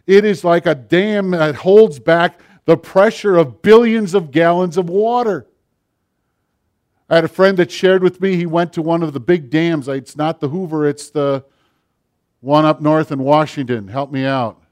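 A middle-aged man preaching a sermon, rising to loud passages and dropping to near-whispers. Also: a little high, a little slow. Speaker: pastor.

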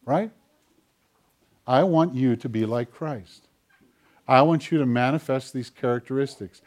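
A man's voice: mid-range voice, a little slow, darkish tone. A man, a pastor, preaching a conversational sermon and acting out quoted dialogue as he goes. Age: older.

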